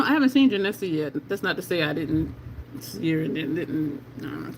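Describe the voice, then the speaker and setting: An excitable, chatty beauty livestream host swatching makeup at home and talking straight to the chat. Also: medium pitch, moderate pace, slight background noise. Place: at home in Delaware.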